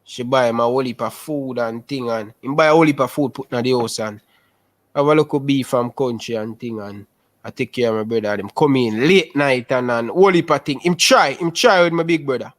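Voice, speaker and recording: A young man with a Jamaican Patois accent, telling his life story in a casual interview over a video call, animated and repetitive. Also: medium pitch, a little fast. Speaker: interview guest.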